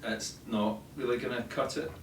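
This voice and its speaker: A Scottish man joining a casual chat, speaking in a measured, thoughtful way. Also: mid-range voice, steady tone, a little hiss or hum. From Scotland. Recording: roomy, distant from mic.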